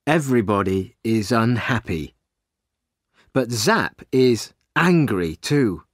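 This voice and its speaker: A man narrating a simple story slowly and clearly for English learners. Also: medium pitch, no room sound, studio quality. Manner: slow, clear and expressive reading.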